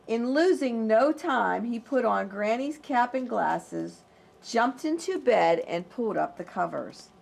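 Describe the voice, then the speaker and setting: Teacher lady reading a kids book to preschoolers, slow and super expressive, a bit gravelly. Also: a little high. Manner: slow, expressive and gentle, as if to small children. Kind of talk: storybook read-aloud and lesson for preschoolers.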